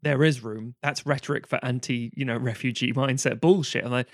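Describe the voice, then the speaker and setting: A man's voice: mid-range voice, steady tone, a little fast, few pauses, no echo. Sweary man ranting, dry sound. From London, England. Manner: ranting and sweary, acting out quoted people. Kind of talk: casual chat.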